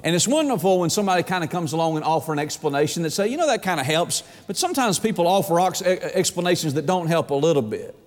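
Pastor preaching in a reverberant hall. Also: male voice, fairly high pitch, expressive. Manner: reads scripture slowly, tells folksy anecdotes. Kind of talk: sermon.

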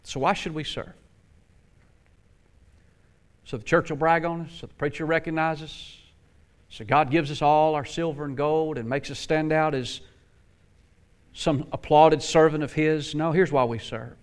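A man preaching a sermon, swinging from quiet, low passages to impassioned, climbing outbursts. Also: fairly even intonation, moderate pace. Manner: impassioned, rising to near-shouts, then dropping low.

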